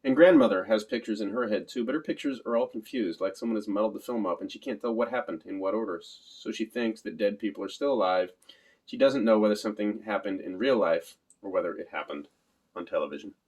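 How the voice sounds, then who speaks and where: A man's voice: fairly low pitch, fast, a little mellow, husky. A man narrating an audiobook in the first person in a literal, matter-of-fact way.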